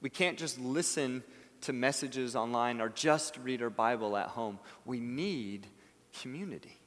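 A male pastor delivers a sermon in an earnest, pleading way. His voice sits in a middle pitch, climbing to emphatic bursts and then falling to near-whispered phrases. The sound carries a long reverb, as from a church sanctuary. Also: measured pace. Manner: earnest, building to emphatic peaks then dropping soft.

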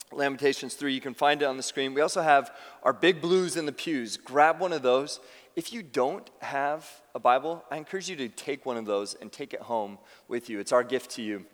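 A man preaching a sermon as pastor, talking conversationally and telling stories with quick restarts. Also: fairly high pitch, long reverb tail. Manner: conversational, animated storytelling with restarts. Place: church sanctuary.

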